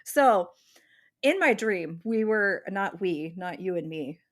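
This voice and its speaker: A woman co-hosting a podcast tells a long, rambling story in casual chat, packed with "like" fillers. Her mid-range voice is animated, and she speaks slowly.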